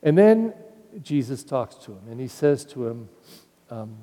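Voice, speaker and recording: A man preaching a sermon as pastor, retelling scripture in a lively way with acted-out quotes that swing from loud to hushed. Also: medium pitch, unhurried. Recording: church with long reverb.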